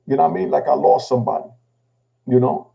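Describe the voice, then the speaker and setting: A man's voice: fast talker, lo-fi sound. An older man from Jamaica telling his own story in a casual, emotional way, often adding "you know what I mean". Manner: gravelly, repeating "you know what I mean" after each thought; drops low and quiet when he quotes himself.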